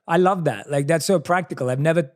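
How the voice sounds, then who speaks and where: A man's voice: a little high, quick pace. A man hosting an interview, enthusiastic and speaking straight to his listeners. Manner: enthusiastic, addresses the audience directly. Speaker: podcast host. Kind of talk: interview conversation.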